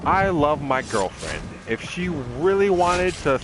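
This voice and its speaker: A man's voice: fairly high pitch, big pitch swings, slow pace, noisy background. A man streaming a game, chatting in a rambling, profane way with lots of fillers. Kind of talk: casual chat while streaming a game.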